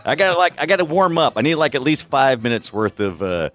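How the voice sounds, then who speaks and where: A man chatting casually as a podcast guest, animated and self-deprecating. His pitch swings widely around a middle range. Faint music plays underneath. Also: fast. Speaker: phone-in guest. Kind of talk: casual chat.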